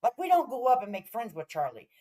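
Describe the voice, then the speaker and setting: A woman's voice: on the high side, sing-song, fast talker, warm tone, rough recording. Vlogger, middle-aged woman, rambling and heated, swears freely, keeps asking viewers "all right?". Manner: talks to viewers with repeated "all right?" check-ins. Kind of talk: casual rant to camera.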